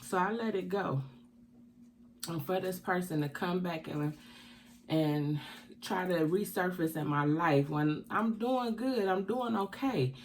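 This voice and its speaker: Tearful low-voiced woman vlogger. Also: unhurried, slight background noise. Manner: emphatic, repeats points like preaching. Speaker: keto mukbang vlogger. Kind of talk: emotional personal vlog confession.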